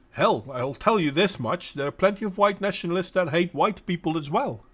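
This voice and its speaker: A middle-aged Dutch man with a Dutch accent who hosts a casual talk and answers viewers by name. He speaks bluntly and with emphasis, and sometimes stops to search for a word. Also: fairly high pitch. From Netherlands. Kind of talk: casual opinionated monologue.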